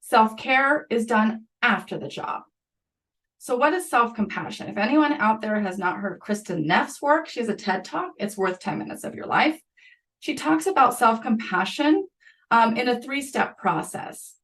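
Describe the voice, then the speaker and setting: A middle-aged woman, a school psychologist, talking on a podcast interview in a lively, conversational way with quick asides. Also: a little high.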